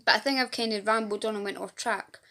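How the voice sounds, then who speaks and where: A woman's voice: mid-range voice, steady tone, quick pace, bright, forceful tone. Earnest Scottish woman with a Fife accent. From Scotland. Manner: earnest, rambling, emotional at times. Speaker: patient advocate and support group founder. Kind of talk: casual heartfelt appeal to camera.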